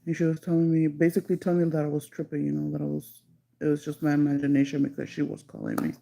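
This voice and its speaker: Gravelly, dark-voiced woman rambling. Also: deep voice, animated, poor audio. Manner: rambling, heavy use of "like", slips into Spanish; stretches some phrases out slowly when stressing them. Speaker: livestreamer telling a ghost story. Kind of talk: casual storytelling on a livestream.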